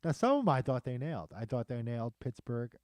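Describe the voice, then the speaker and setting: American dude on a podcast, warm mellow voice, laid back, dry room sound. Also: male voice, medium pitch, fast talker, no echo. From United States. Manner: chatty, laughing, relaxed storytelling. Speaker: podcast co-host. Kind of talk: casual chat.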